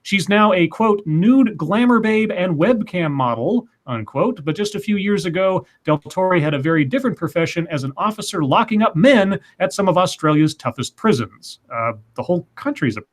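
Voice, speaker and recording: A man's voice: high voice, lively intonation, a little fast, hardly any pauses. A man co-hosting a podcast, reading news stories aloud with wry asides. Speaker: podcast co-host. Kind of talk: casual news banter and reading.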